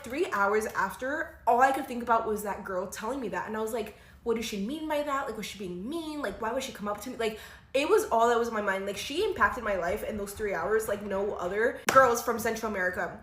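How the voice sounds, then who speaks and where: A woman's voice: fairly high pitch, reverberant. A young woman telling a story from her own life in a casual, chatty way, full of "like". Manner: animated, chatty, lots of "like" and bursts of laughter.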